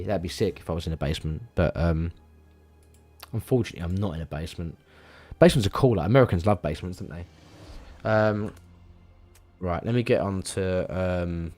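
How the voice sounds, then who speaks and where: Male streamer, lowish voice, rambling and stammery, casual swearing. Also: a little mellow. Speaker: live streamer. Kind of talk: casual live-stream chat.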